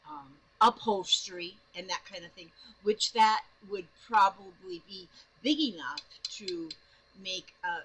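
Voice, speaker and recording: Excitable husky-voiced woman vlogger. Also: medium pitch, measured pace, poor audio. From northern Minnesota, USA. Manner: excitable, rambling, full of restarts. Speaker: doll-making vlogger. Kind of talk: casual rambling chat to camera. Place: home in Florida.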